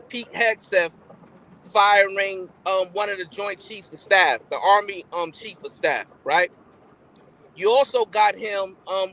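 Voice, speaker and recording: A man's voice: sits high, fairly bright tone, low-quality recording. A man co-hosting a live stream, rambling and hesitant with many fillers. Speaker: show co-host. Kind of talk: casual live stream chat.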